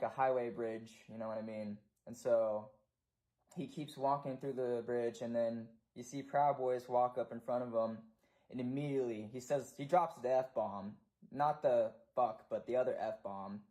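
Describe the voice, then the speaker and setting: A man's voice: mid-range voice, mellow. A young American man ranting profanely and repetitively in a casual livestream.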